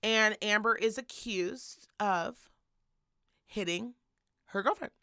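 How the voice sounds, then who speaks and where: Podcast host, female, bright forceful voice, dry close sound, animated profane storyteller. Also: mid-range voice, takes it slowly, clean tone, dry recording. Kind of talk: casual gossip chat.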